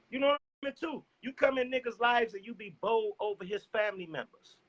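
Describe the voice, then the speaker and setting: A man preaching a loud, profane sermon and cueing a scripture reader. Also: very high-pitched, a little fast, rough recording. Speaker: street preacher. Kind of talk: fiery street sermon.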